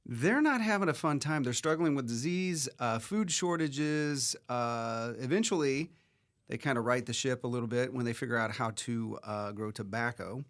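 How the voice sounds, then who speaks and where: A man's voice: medium pitch, normal speed. A man co-hosting a history review podcast, explaining with a joking, meandering manner. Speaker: teacher and podcast co-host. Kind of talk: casual history review chat.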